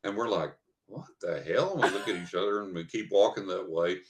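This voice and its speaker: An older man with a fairly low voice rambles through a story. He chuckles as he goes in a casual podcast interview. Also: fairly even intonation, fast. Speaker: guest psychic and author.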